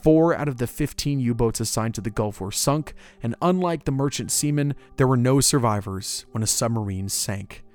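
A man's voice: mid-range voice, normal speed, hardly any pauses, darkish tone. A man narrating history in a casual, conversational way, with joking asides.

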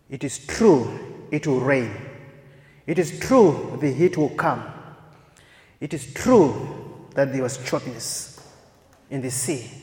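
A man preaching a sermon, emphatic and repetitive, swinging from loud peaks to soft, quiet phrases. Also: medium pitch. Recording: echoey hall with long reverb.

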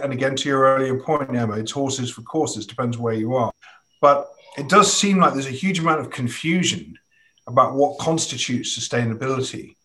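Man, interviewer, thoughtful questions, mid pitch, conversational. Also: fairly bright tone.

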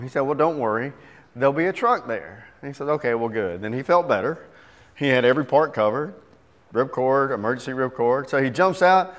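A middle-aged pastor with a mid-range voice preaches a sermon at a fairly quick pace in a reverberant hall. He reads scripture and tells jokes animatedly, then shifts to quieter teaching.

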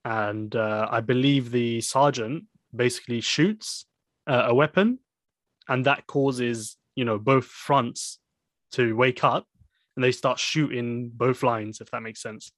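A man's voice: mid-range voice, slow pace, a bit bright, no echo, studio quality. A man casually discussing a film with a friend, rambling with many fillers and restarts.

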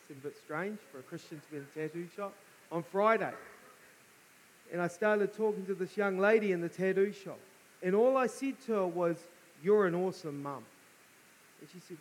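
A man's voice: on the high side, a little hiss or hum, poor audio. A man with a New Zealand accent preaching a sermon as a guest speaker, casual and chatty, bantering with the congregation. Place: church service, live before a congregation.

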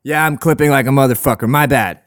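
A man's voice: medium pitch, fast, a bit bright, dry recording, clean studio sound. A man hosting a podcast, ranting in a loose, rambling way full of swearing. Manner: rambling, profane, laid-back. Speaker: podcast host. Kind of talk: casual profane rant. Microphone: close podcast mic.

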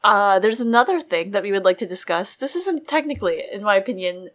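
A woman co-hosting a podcast in casual chat, upbeat and quick to agree. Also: medium pitch, animated, fairly bright tone. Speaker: podcast co-host.

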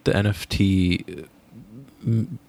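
A man's voice: takes it slowly, gravelly. Chatty American man, gossipy podcast host. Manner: chatty, gossipy, pitch jumps up when excited. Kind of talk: casual chat.

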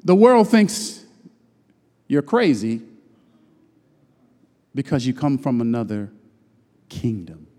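A pastor preaching a sermon, swinging from loud shouted lines to low murmurs and drawing out his phrases. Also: sing-song, slow pace, long pauses. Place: church sanctuary. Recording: long hall reverb.

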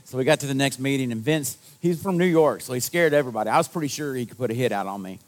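Gravelly-voiced male pastor preaching. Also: medium pitch, lively intonation, rapid-fire. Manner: conversational, self-deprecating storytelling. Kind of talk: sermon. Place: church service.

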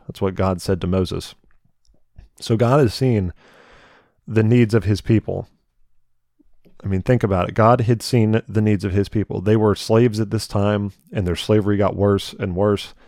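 A young man giving a conversational Bible teaching, retelling scripture stories in a lively, chatty way. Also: lowish voice, normal speed, no echo, clean studio sound. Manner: conversational, animated retelling with voiced asides. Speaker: preacher.

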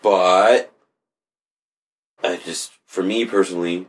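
A man's voice: medium pitch, animated, moderate pace. A man in casual, crude conversation, rambling through a story with lots of filler words.

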